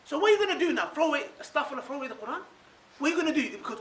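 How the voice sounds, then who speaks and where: A man giving an animated religious lecture to a live audience, firing off rhetorical questions and checking in with the listeners again and again. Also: very high-pitched, rapid-fire. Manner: animated, keeps asking rhetorical questions with a tag "yeah?". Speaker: Islamic speaker addressing an audience. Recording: echoey room, voice from far off, faint noise.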